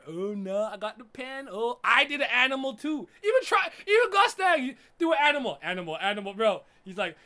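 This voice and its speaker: A man giving a casual reaction commentary as a streamer, laughing and swearing with loud frustrated outbursts. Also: high-pitched, very animated, a little fast, few pauses. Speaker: streamer reacting to an anime episode.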